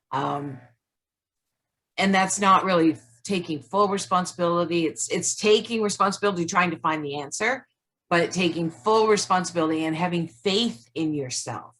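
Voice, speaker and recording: Low-voiced reflective woman on a video call. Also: normal speed, a bit bright. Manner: reflective, says "like" often. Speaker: co-host. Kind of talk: casual conversation on self-help.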